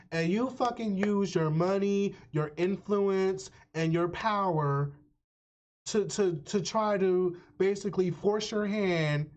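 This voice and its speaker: A man streaming live, casually recapping a movie's plot in slangy, profane, animated storytelling. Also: high-pitched. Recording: slightly muffled lo-fi audio.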